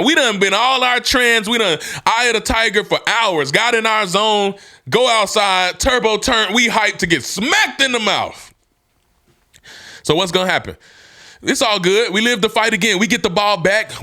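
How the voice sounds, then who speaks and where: Animated, bright-voiced man telling a hyped story. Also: moderate pace. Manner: animated, swings from hyped shouts to low somber tones. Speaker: podcast host. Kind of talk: motivational storytelling.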